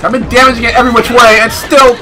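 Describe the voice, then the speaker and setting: A young man giving casual, excitable, swearing commentary on his video game play. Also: very high voice, fast, background noise. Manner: excitable, swearing, talks to himself. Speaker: gameplay commentator. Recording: game music playing underneath.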